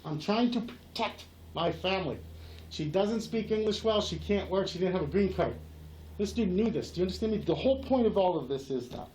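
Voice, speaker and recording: A man's voice: sits high, darkish tone, a little hiss or hum, rough recording. A man in a heated face-to-face argument, insistent and profane, repeating himself and talking over others. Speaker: channel owner confronting a sheriff.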